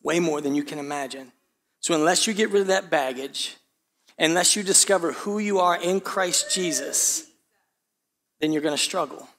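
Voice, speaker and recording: A man's voice: a little high, a bit bright. A man preaching a sermon as a pastor, often asking the congregation questions and repeating phrases for emphasis. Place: church sanctuary.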